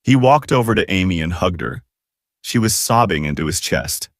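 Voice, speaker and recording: Low, expressive male audiobook narrator. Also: moderate pace, dry recording, studio quality. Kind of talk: first-person romance novel narration.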